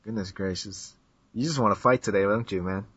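A man's voice: on the low side, fairly quick, a bit bright, breathy edge, no echo. A man hosting a casual podcast chat, teasing his guest and laughing often. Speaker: podcast host. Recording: dull lo-fi dry sound.

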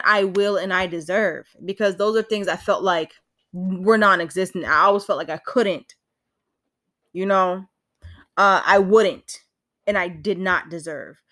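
A woman's voice: medium pitch, measured pace, fairly bright tone. A woman hosting her own podcast, talking casually and candidly with frequent laughs and the odd swear word. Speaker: podcast host. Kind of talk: casual solo podcast talk. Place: indoors at home with rain outside.

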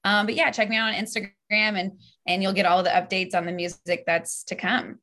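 A woman's voice: mid-range voice, fairly quick. A young woman, a singer-songwriter guest, chatting openly and laughing often in a casual interview. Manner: open, animated, laughs often.

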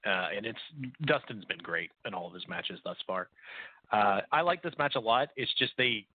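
A man's voice: fairly low pitch, animated, moderate pace, no room sound. A man co-hosting a podcast, giving frank, opinionated takes in casual chat with some swearing. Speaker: podcast co-host. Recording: tinny phone-like audio, dry.

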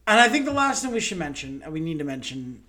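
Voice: mid-range voice, very animated, fast talker, pushed and bright. A podcast co-host in casual discussion, talking earnestly and with animation, often restarting sentences.

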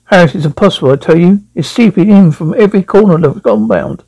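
A man voicing a worried male compound controller, reading from a script in a halting, anxious way. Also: high voice, sing-song, warm tone, poor audio. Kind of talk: script read aloud.

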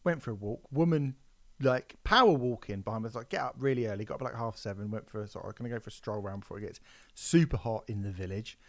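A man's voice: fairly low pitch, quick pace. A man hosting a podcast in casual chat, telling stories with mock outrage and plenty of swearing. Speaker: podcast host.

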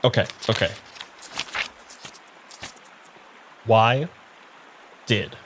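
A man's voice: fairly low pitch, slow pace, a bit bright, slight background noise. A man voicing a giant male bridge troll who is weary and grumbling, talking in a frank, rambling, complaining way. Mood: teasing.

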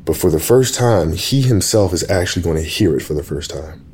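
Male guest, lowish voice, eager storyteller who restarts and repeats words. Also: lively intonation, fairly quick, darkish tone, slightly rough. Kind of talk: excited anecdotal storytelling.

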